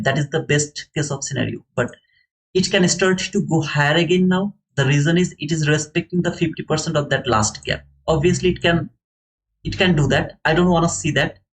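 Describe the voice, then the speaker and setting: A man streaming live to viewers, thinking aloud in halting, repetitive phrases as he explains a trade. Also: a little high, low-quality recording. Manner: talks to chat viewers by name. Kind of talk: live market commentary to viewers.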